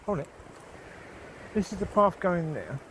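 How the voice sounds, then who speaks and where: A man's voice: sits high, very animated, unhurried, fairly bright tone, a little hiss or hum, rough recording. A man vlogging while he walks his dogs along a rural path, rambling chattily and talking to the dogs. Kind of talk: casual talk while walking outdoors. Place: outdoors by water on a rural path.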